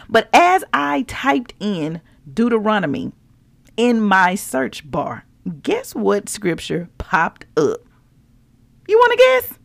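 Gravelly exuberant woman preaching to listeners. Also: on the high side, no room sound, studio quality. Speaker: podcast host. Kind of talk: devotional blog podcast.

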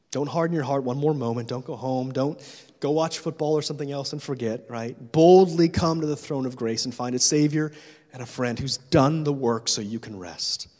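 A man's voice: mid-range voice, darkish tone, long reverb tail. A man preaching a sermon in a church as pastor, making urgent, repetitive appeals to his listeners.

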